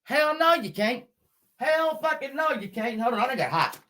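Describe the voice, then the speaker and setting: A woman ranting angrily on a live stream from her car, scolding and swearing, with bursts of shouting. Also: high voice, big pitch swings, moderate pace, slight background noise. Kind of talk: angry live-stream rant.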